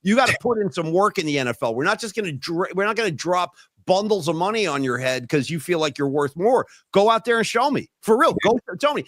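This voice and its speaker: A man's voice: high-pitched, sing-song, fairly quick, few pauses, a bit bright, no room sound, studio quality. A man co-hosting a casual sports podcast, ranting emphatically about players and contracts. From San Francisco Bay Area. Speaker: podcast co-host.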